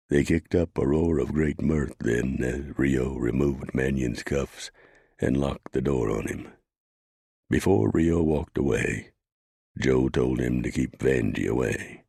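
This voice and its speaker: A man reading a western audiobook in measured scripted narration. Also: extremely low pitch, creaky, a little mellow, slightly rough, no echo, clean studio sound.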